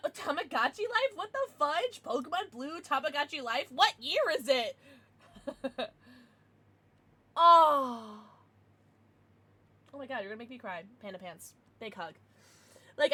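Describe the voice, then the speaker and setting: A woman in her thirties streaming live, bubbly and quick to laugh as she chats with viewers and reacts to their messages. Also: fairly high pitch, fairly bright tone. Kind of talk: casual livestream chat.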